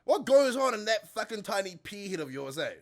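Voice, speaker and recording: A man doing a loud, taunting Irish fighter. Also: high voice, big pitch swings, a little fast, voice pushed up. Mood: mocking. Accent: put-on Irish. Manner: profane, taunting, shouting. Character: menacing Irish fighter impression, trash-talking man.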